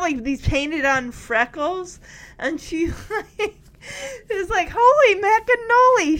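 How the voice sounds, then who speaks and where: A young woman with a high, light voice chats through an episode recap. She giggles often and strings her thoughts together with "like" and "um". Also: pushed and bright. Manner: chatty and giggly, many fillers like "like". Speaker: show recap host.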